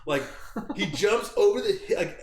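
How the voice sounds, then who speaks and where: A young man hosting a casual podcast, telling a wild story with lots of swearing and loud acted-out yelps. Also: sits high, lively intonation, measured pace, roomy sound. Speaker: podcast host.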